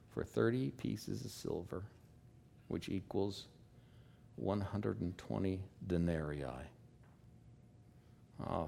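A man's voice: deep voice, gravelly, a little mellow, slight background noise. A man, likely a pastor, preaching a sermon in a folksy way with asides and rhetorical questions.

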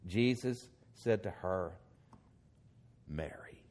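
A man's voice: mid-range voice, sing-song, slow pace, a little mellow. A man preaching a sermon, reading scripture aloud and then explaining it with growing emphasis.

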